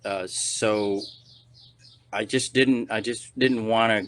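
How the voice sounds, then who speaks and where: Low-voiced man telling a rambling story. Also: fairly even intonation, takes it slowly, a bit bright. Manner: rambling, many restarts and "you know"s. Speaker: actor and podcast guest. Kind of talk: casual storytelling interview.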